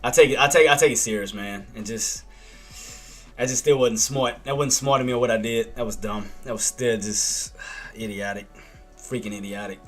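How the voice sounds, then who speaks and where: A man's voice: medium pitch, moderate pace, soft background music. A male day trader streaming live commentary, talking straight to his chat and scolding himself with the same phrases over and over. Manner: self-critical, repeats himself, talks to chat by name.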